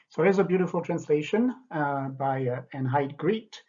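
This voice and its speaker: Older man, husky. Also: a little high, animated, moderate pace, few pauses, darkish tone. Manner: hesitant, many fillers, explanatory. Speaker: French literature teacher. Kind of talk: lecture with poetry reading. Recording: dull, lo-fi.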